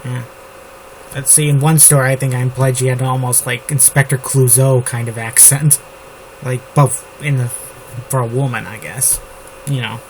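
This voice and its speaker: Flat-voiced man musing over keyboard typing. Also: medium pitch, rough recording. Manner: reads his draft aloud slowly, then rambles with fillers. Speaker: novelist. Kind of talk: writing session, thinking aloud. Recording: steady background noise with keyboard typing. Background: computer keyboard typing.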